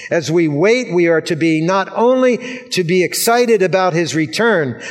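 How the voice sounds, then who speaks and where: A man preaching a sermon, repeating key words for emphasis and putting questions to his congregation. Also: a little high.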